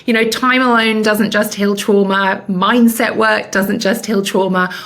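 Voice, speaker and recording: A woman's voice: mid-range voice, fairly bright tone. A woman in her fifties hosting a podcast, telling a personal story candidly with self-mocking humor. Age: 50s. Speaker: podcast host.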